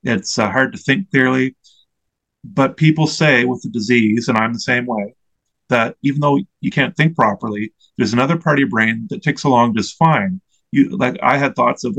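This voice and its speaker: A man in his forties speaks as an interview guest, at an ordinary middle pitch. He recounts his own experience earnestly and reflectively, pausing to search for the right words. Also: fairly bright tone, poor audio. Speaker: interview guest, mental health advocate. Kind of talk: personal storytelling in an interview.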